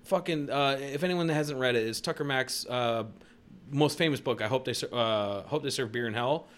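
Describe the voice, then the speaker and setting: A young man co-hosting a podcast, telling profane stories in casual chat and shouting out the lines he quotes. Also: mid-range voice, normal speed, clean tone. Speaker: podcast co-host.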